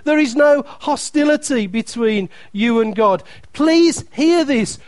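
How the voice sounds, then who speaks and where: A man's voice: very high-pitched, slow pace, dry recording. A man preaching a sermon, emphatic and repeating key phrases, reading scripture aloud with playful asides to the congregation.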